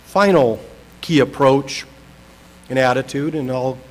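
A man preaching a sermon, reading scripture aloud and slowing to stress key words. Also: medium pitch, rough recording. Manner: swings between soft and emphatic, slows for stress. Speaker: pastor.

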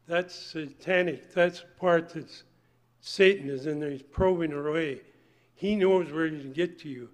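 An older man preaching a folksy sermon, emphatic and swinging between loud points and hushed asides. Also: a little high.

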